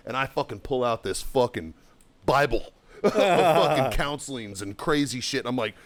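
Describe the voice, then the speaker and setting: A middle-aged man, a podcast host, telling a profane story in casual chat, shouting when he quotes himself. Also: mid-range voice, expressive, fairly quick, no echo.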